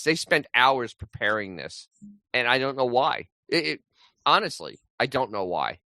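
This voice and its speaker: A man's voice: mid-range voice, very animated, normal speed, pushed and bright, no echo. A man co-hosting a casual chat show, sardonic and prone to stammering restarts. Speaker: co-host.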